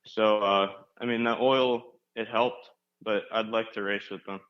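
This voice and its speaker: A young man, a race car driver, answering interview questions in a flat, composed, low-key way. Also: a little slow, muffled recording. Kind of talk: casual interview.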